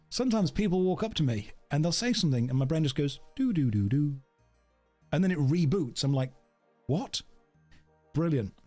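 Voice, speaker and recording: This streamer has a fairly high, slightly mellow voice as he jokes and chats casually during a game, addressing his dog as well as his viewers.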